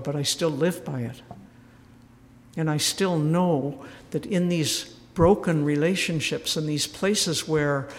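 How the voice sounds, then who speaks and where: A woman leads a spiritual retreat, telling a personal story in a gentle, earnest way with a touch of wry humor. Her voice rings out in a church with a long, lingering reverb. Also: low voice. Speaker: retreat speaker.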